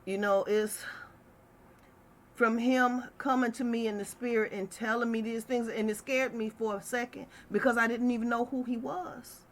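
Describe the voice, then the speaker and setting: A woman's voice: on the high side, fairly even intonation, normal speed. A middle-aged woman hosting a casual chat stream, talking in a passionate, heated way. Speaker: livestream host.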